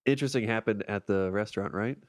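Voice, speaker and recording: A man's voice: fairly low pitch, quick pace. A man in casual podcast chat, retelling a wild night at his own expense. He laughs often and keeps a loose, self-mocking tone.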